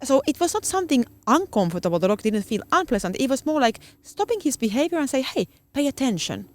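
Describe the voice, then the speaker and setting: A woman's voice: high-pitched, very animated, fast talker, a little mellow. Woman searching for words. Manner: searching for words, many fillers. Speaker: guest dog trainer. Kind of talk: casual podcast conversation.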